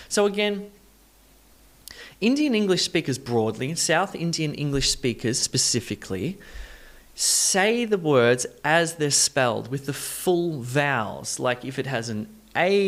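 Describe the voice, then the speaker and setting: A man's voice: medium pitch, animated, fairly bright tone. Upbeat male pronunciation teacher. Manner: models words slowly and repeats them, stressing syllables; upbeat and encouraging. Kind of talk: pronunciation lesson.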